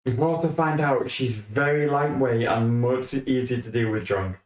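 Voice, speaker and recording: A man's voice: mid-range voice, normal speed. A man playing in a tabletop game, easygoing and explaining things. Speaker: player. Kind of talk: in-character game chat. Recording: echoey room.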